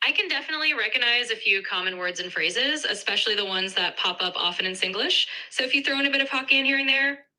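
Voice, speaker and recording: American-accented AI assistant, woman, polished and upbeat, fast and crisp. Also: on the high side, animated, bright, forceful tone, low-quality recording. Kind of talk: synthetic assistant chat.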